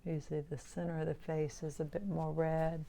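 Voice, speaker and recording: A woman giving a relaxed painting demonstration, thinking aloud as she works. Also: low-pitched, moderate pace, gravelly. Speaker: painting teacher.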